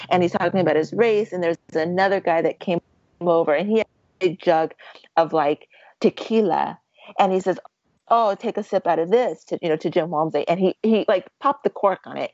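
A woman telling a long story in casual chat, rambling and animated, with many fillers and restarts. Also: medium pitch, no room sound, muffled recording.

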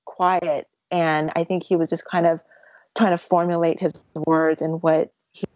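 A woman telling a long personal story about a race as a guest, talking in halting bursts with many restarts and becoming tearful at times. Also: fairly low pitch, flat delivery, darkish tone, no room sound. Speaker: ultramarathon runner guest. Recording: dry, dull lo-fi audio.

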